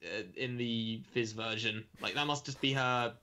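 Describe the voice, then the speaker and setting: A man's voice: mid-range voice, fairly even intonation, normal speed, bright, forceful tone. A man co-hosting a casual podcast, talking through a comic chapter in a reflective way. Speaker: podcast co-host.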